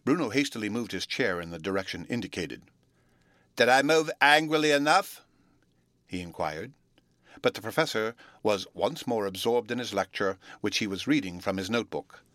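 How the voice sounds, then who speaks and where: A man reading a storybook aloud, narrating in a steady, even way between the voiced lines. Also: lowish voice, fairly quick, no room sound. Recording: dry close recording.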